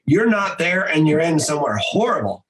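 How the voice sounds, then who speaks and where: In a casual podcast interview, a voice actor and improv teacher talks animatedly, swears freely, and jumps into quick voices. His voice is on the high side, a crowd can be heard in the background, and the audio is poor.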